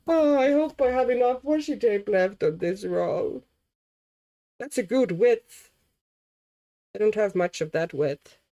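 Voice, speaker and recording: A woman hosts a relaxed livestream and chats while she colours. She talks at an unhurried, slow pace, greets viewers by name, and thinks aloud as she works. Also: on the high side. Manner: chatty, laughs often, reads chat names aloud; muses aloud while working. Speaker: livestream host. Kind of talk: casual chat while colouring.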